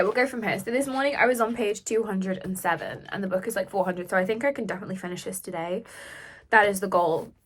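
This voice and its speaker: This young woman, a book vlogger, has a medium-pitched voice with a slight hiss or hum behind it. She chats to camera from home in a bubbly, gushing, casual way.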